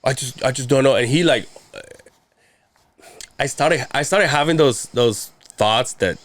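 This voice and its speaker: A man's voice: medium pitch, measured pace, dry recording. A man in his thirties telling a long personal story in casual chat, rambling and profane, acting out the people he quotes. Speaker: podcast guest telling a story.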